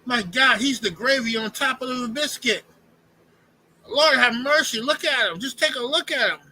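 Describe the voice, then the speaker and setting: A man's voice: very high voice, normal speed, pushed and bright, voice pushed up, full character voice. A man mimicking another man who gushes effusively over a handsome boxer. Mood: gushing. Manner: effusive, breathless gushing.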